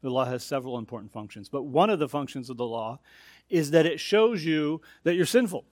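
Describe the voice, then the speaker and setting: A man delivers an expository sermon and works through the text point by point, pressing hard on the key phrases. His voice sits at an ordinary middle pitch. The sound is dry and close, with no room echo. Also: lively intonation, a little fast. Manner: emphatic, explains verse by verse with rising stress on key points. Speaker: preacher.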